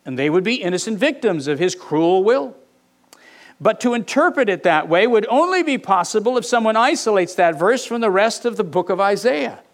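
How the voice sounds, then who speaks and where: A man preaching a sermon, reading scripture aloud with animated, mock-indignant asides. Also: high voice. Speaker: pastor.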